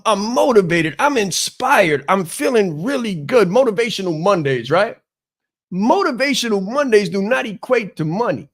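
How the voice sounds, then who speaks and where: A man hosting a business podcast as a coach, giving an emphatic motivational talk and repeating his key phrases. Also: high voice.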